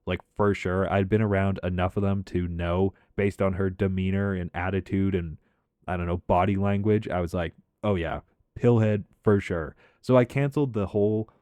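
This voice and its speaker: Storytime guy: lowish male voice, dry close sound, loose filler-heavy rambling with frank swearing. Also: steady tone, a little fast, a little mellow, dry recording. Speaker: storytime commentator. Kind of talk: casual storytelling over gameplay.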